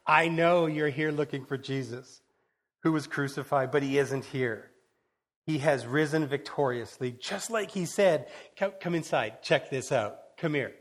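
A male preacher voicing an excited, joyful angel who eagerly urges visitors to come and look. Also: a little high, measured pace. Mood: excited, urging. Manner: eager and welcoming, urging.

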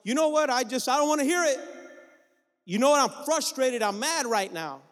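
A man's voice: extremely high pitch, lively intonation, moderate pace, a bit bright, in a large hall, pitched above the performer's own voice. A man preacher putting on the voice of a frustrated, irritable wife in a sermon. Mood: exasperated. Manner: snapping, exasperated.

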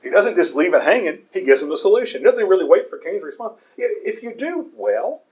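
A man's voice: sits high, lively intonation, quick pace, darkish tone, rough recording. A man preaching a conversational Bible sermon in an earnest way, often stumbling over repeated words.

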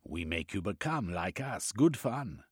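A man's voice: on the low side, very animated, unhurried, breathy edge, dry recording, studio quality, exaggerated voice. A man voicing a fierce, commanding tribal woman chief who barks orders in broken speech.

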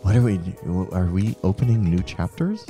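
A man's voice: fairly low pitch, big pitch swings, normal speed, mellow, soft background music. A man co-hosting a podcast in casual chat, joking and laughing often. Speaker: podcast co-host.

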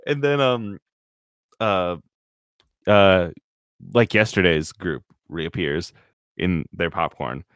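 A man's voice: low voice, slow pace, pauses often, fairly bright tone, clear, resonant tone, dry recording, studio quality. A man narrating a tabletop game as game master in a casual, giggly way, swearing often.

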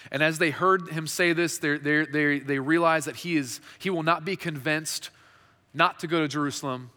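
A man's voice: a little high, steady tone, moderate pace, sharp tone. A male pastor preaching a sermon in a conversational way, often restarting his sentences. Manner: conversational, with frequent restarts and fillers. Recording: reverberant hall.

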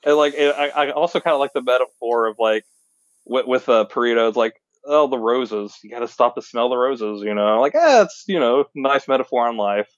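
A man co-hosting a casual spoiler chat about a film, easygoing and quick to laugh. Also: mid-range voice, no echo. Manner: easygoing, laughs often, agreeable. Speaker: podcast co-host.

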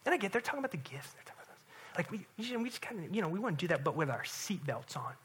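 A man's voice: high-pitched, big pitch swings, racing, fairly bright tone, husky. A middle-aged man, a pastor, giving an earnest, conversational sermon with frequent restarts.

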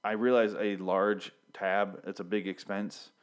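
A young man with a slightly low voice rants through a TV episode recap. He swears often, stumbles over restarts and fillers, and sounds worked up and flustered. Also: flat delivery, unhurried. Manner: rambling, profane, frequent restarts and fillers. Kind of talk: casual rant.

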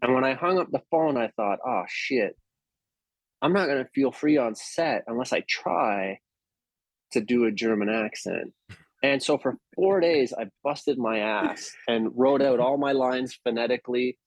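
A male actor telling stories in a casual interview, animated and often restarting his sentences. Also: mid-range voice, normal speed, no room sound. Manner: anecdotal, animated, with frequent restarts.

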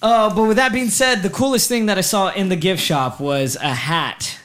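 A man co-hosting a podcast, chatting casually in an excitable way, telling stories and laughing often. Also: sits high, normal speed. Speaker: podcast co-host. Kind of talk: casual chat.

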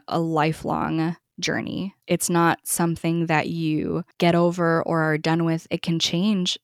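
Soft-spoken lowish woman, dry mic. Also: dry recording. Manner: earnest, measured, candid. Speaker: podcast guest, bereaved mother. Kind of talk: personal story in a podcast interview.

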